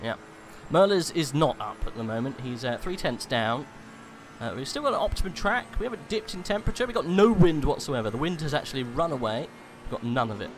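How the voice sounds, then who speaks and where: A man with a slightly high, animated voice calls an online sim race fairly quickly, keeping things chatty and playful with fillers and co-host banter. A little hiss or hum and a music bed accompany the recording.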